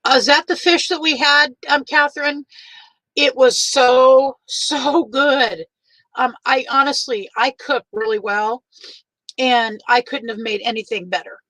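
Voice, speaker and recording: An older woman hosting a casual livestream. She greets each viewer by name in a warm, chatty way and is teary. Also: high voice, unhurried, dry recording, rough recording.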